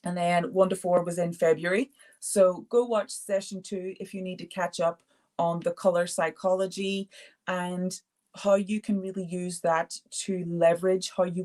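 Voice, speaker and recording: A woman's voice: on the low side, a little mellow. A woman hosting a live art therapy stream, chatting casually, laughing often and answering viewer comments as she goes. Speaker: art therapy session host.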